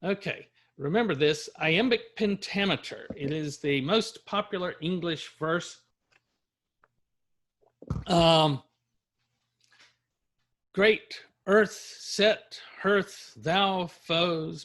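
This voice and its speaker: A man's voice: fairly high pitch, fairly bright tone. A middle-aged man from Louisiana, a university lecturer, reading verse aloud to a class and explaining it with frequent fillers.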